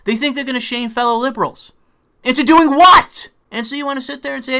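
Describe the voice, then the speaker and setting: A young man delivering an angry, profane political rant as a commentator, breaking into shouting bursts. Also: very high-pitched, fairly quick.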